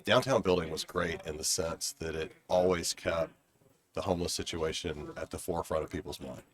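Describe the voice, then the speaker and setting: A man's voice: low voice, a little fast. A middle-aged man telling stories in a reflective, rambling way during a casual conversation, recorded outdoors on a garden bench. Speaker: former board member.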